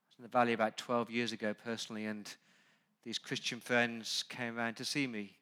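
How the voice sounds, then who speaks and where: A man preaching a sermon. He talks straight to the congregation and moves from quiet, conversational asides to loud, urgent emphasis. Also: medium pitch, level tone, a little fast. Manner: conversational, asks the congregation direct questions. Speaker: pastor.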